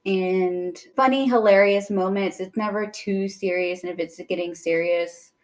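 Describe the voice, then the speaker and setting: A young woman co-hosting a podcast in casual chat, animated and quick to act out characters' lines. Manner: animated, acts out characters' lines in quick shifts of pitch and volume. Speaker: podcast co-host.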